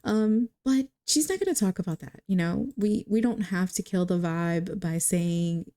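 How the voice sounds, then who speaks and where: Young woman game creator, chatty and giggly, mellow warm tone, casual commentary. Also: on the low side, a little slow. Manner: chatty, giggly, addresses viewers. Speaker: gaming video creator.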